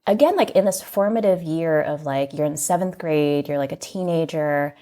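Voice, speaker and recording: Low-voiced woman telling her story candidly. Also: animated, moderate pace, warm tone. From United States. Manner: earnest and reflective, peppered with "like". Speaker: magazine editor, podcast guest. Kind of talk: candid personal storytelling in an interview.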